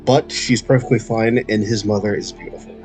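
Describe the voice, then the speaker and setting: A man's voice: lowish voice, steady tone, fairly quick, darkish tone, faint music behind. A man narrating as game master, loose and giggly, filling his talk with "like".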